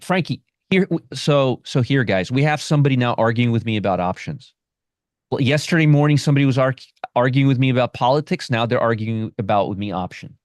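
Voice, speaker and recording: Male trading host, live-stream teacher, cocky and sarcastic, mid-pitched voice, recorded dry and close. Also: darkish tone, no room sound. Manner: brash, sarcastic, answers chat by name. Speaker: options trading instructor.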